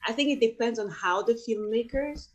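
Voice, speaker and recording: A woman's voice: fairly high pitch, moderate pace. A woman with a French accent moderating a panel discussion, thoughtful and often restarting her sentences.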